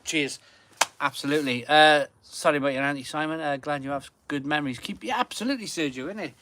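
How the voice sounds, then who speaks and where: A man's voice: on the high side, fast, noisy background. A man hosting a beer channel live stream in casual chat from his garden, rambling and repeating phrases for emphasis. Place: home garden.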